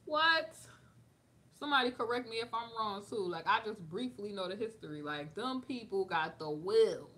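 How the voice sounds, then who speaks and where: A woman from the United States, reading news aloud and commenting on it in a sassy, animated way. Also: mid-range voice, normal speed. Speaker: vlogger reacting to news.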